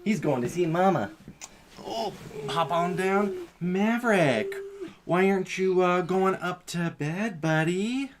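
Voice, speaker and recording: A man's voice: sits high, takes it slowly, background noise. A man in his thirties chatting casually as he hosts a live stream and keeps stopping to scold a barking puppy. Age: 30s.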